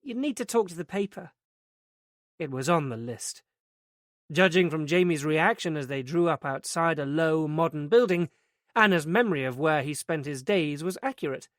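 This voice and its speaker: Dry, steady male audiobook narrator. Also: on the high side, normal speed, no room sound. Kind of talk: scripted narration.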